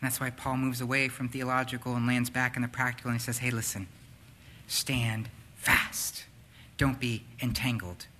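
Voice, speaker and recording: A man preaching a sermon, swinging between loud, urgent passages and hushed, near-whispered ones. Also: medium pitch, level tone, moderate pace, slight background noise. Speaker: pastor.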